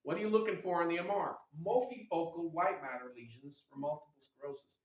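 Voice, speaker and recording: A middle-aged man with a slightly raised pitch gives an energetic, teasing medical lecture and keeps throwing questions at his audience. He is picked up from across a large, echoey hall, and the sound is muffled and dull. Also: fairly quick. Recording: echoey hall recorded from a distance.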